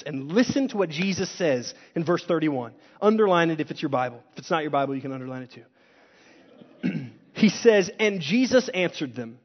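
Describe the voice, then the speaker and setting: A man preaching a sermon in a conversational, impassioned way, rising loud and dropping quiet. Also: a little high, highs cut off. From Texas. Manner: impassioned, conversational preaching with dramatic swings in volume. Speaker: pastor.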